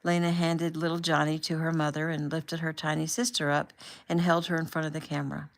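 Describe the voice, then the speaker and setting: Low, gravelly woman reading her novel. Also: a little fast. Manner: relaxed, unpolished, conversational. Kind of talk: casual audiobook reading.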